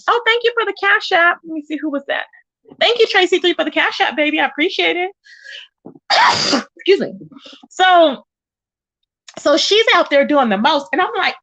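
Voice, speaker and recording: A woman hosting a casual live gossip stream, greeting viewers by name and retelling the drama with lively quoted voices. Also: very high voice, moderate pace, pauses often, dry recording, low-quality recording. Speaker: host of a live gossip channel. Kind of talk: casual livestream chat.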